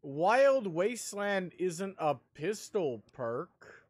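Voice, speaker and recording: A male streamer with a high-pitched voice chats with his viewers while he plays. He talks at an unhurried pace, rambling and making fun of himself. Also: big pitch swings, dry recording. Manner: rambling, self-deprecating, chatting with viewers. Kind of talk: casual live game commentary.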